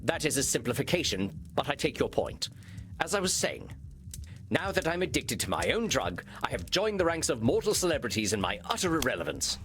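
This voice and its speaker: A man's voice: medium pitch, sing-song, brisk, noisy background, natural voice. A man playing a haughty vampire doctor. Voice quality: theatrical, haughty. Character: pompous centuries-old male vampire doctor, melodramatic. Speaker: patient in a video game. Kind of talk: video game voice acting.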